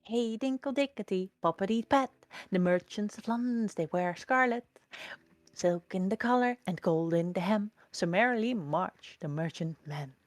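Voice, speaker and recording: A woman's voice: mid-range voice, normal speed, dry recording, close to an everyday voice. A woman voicing a group of tiny cheeky mice, chanting rhymes in a sing-song way. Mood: gleeful. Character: tiny cheeky mice singing in twittering voices.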